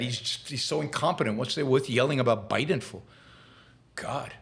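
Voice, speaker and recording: A man hosts a live show, answering viewer questions with opinionated commentary packed with fillers and repeated words. His medium-pitched voice is creaky and fairly bright at normal speed, turning emphatic and heated into rants, then hesitant when he reflects.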